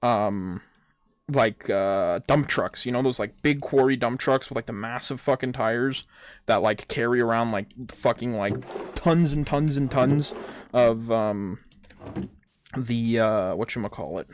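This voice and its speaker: A man's voice: mid-range voice, a little slow, slight background noise. Swearing young man rambling while gaming. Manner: rambling, heavy swearing, lots of fillers. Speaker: gaming vlogger.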